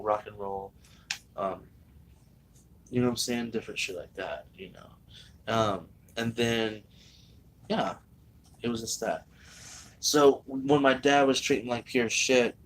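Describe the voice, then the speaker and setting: A man's voice: fairly low pitch, slight background noise, rough recording. A man telling a personal story in a rambling, profane way, full of fillers and restarts. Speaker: vlogger telling his life story.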